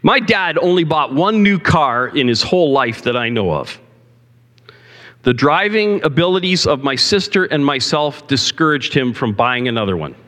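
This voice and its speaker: Animated pastor preaching in a reverberant church. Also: male voice, a little high, moderate pace. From Canada. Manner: conversational preaching, asks the room questions. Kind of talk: sermon. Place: church sanctuary. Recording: long hall reverb.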